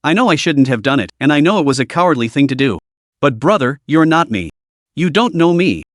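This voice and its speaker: A man's voice: a little high, big pitch swings, brisk, no room sound, studio quality. A man doing a defensive, pleading young man.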